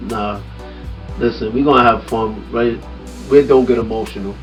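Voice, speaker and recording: A man hosting a casual podcast chat, animated and laughing often, building his points with questions to his guest. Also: on the low side, normal speed, recorded from a distance, soft background music, rough recording. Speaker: podcast host. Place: studio room with a small audience.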